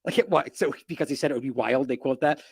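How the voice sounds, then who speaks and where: A man's voice: mid-range voice, fast, creaky, slightly rough, no echo, studio quality. A man hosting an independent news show, giving indignant, mocking commentary on the news. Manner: animated, indignant, mocking with sarcastic quotes.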